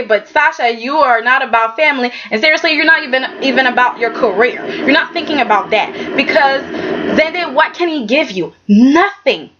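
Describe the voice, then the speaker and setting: A woman casually recapping a soap opera episode in a chatty, sassy way, with animated asides. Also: high-pitched. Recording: muffled, loud background noise.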